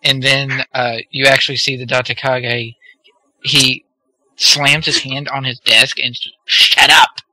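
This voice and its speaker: A man acting as game master in a casual tabletop role-play session, calmly asking the players questions. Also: mid-range voice, a little slow, no echo, low-quality recording.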